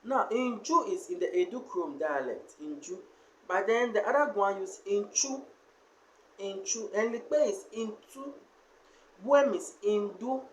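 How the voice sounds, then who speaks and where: A man teaching a language lesson, slowly sounding out and repeating each syllable and word. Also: sits high, expressive, a little hiss or hum. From Ghana. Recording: echoey room.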